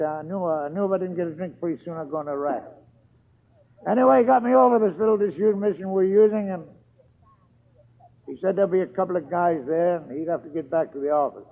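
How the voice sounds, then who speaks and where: An older man telling his recovery story as an AA speaker, earthy and storytelling, acting out the dialogue. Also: fairly high pitch. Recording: tinny lo-fi archive recording.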